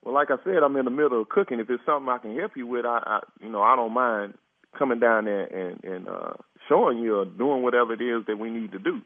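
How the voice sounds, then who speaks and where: A man's voice: mid-range voice, quick pace, no room sound. A man taking a prank phone call, exasperated and often breaking into laughter. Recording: tinny phone line.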